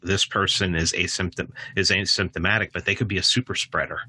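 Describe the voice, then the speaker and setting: A man speaking as a podcast guest in casual conversation, rambling with frequent restarts and sudden animated jumps in pitch. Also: brisk.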